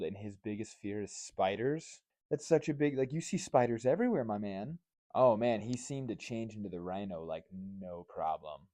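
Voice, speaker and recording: Young guy, lowish voice, casual movie review vlog, swears a lot and gets sarcastic. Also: dark tone, no echo. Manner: candid, swears freely, sarcastic asides. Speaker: host.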